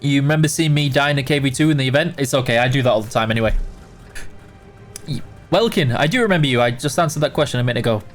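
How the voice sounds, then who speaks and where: A man's voice: medium pitch, racing, faint music behind. A man hosting a game livestream, reading out chat questions and answering them casually, tired and yawning. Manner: reads chat questions aloud, answers offhand with fillers. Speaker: livestream host answering chat while playing.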